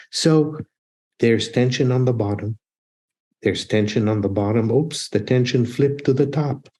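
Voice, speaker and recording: Mellow-voiced man lecturing emphatically. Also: medium pitch. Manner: emphatic and repetitive, drills points. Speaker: architecture exam prep instructor.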